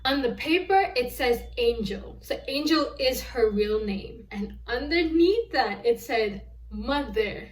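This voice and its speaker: A woman with a fairly high voice recaps a movie in a casual vlog review, full of exasperated disbelief at the plot. She sits back from the mic, and the room around her rings with echo. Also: animated, takes it slowly, few pauses. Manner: exasperated, incredulous storytelling. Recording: echoey room, distant mic.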